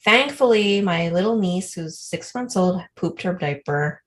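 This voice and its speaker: A woman co-hosting a live online show, telling a story in a rambling, animated way full of fillers. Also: lowish voice, unhurried. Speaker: co-host. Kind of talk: casual livestream storytelling.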